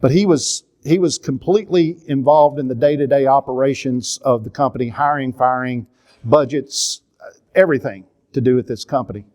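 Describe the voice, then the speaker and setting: A man in his sixties speaks at a church seminar, his Southern drawl carrying an earnest, confessional tone. His voice sits in a middle pitch as he teaches through stories of his own family. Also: moderate pace, darkish tone. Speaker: minister and counselor teaching a seminar.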